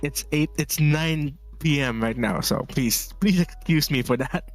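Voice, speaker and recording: A man's voice: fairly high pitch, unhurried, faint music behind. A man from the Philippines streaming casually while drawing, rambling, laughing often and reading chat messages aloud.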